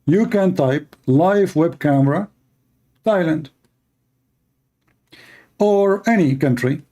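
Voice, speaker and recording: Slowly and in a mellow, slightly high voice, a man hosts a polemical talk with sarcastic mockery. He speaks broken English and keeps restarting his sentences.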